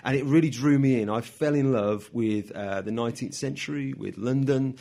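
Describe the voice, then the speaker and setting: A man's voice: medium pitch, moderate pace, gravelly, mellow. Chatty man giving a talk. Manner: chatty, self-deprecating, with frequent ums and asides. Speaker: guest speaker. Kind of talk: talk to a live audience. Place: hotel function room.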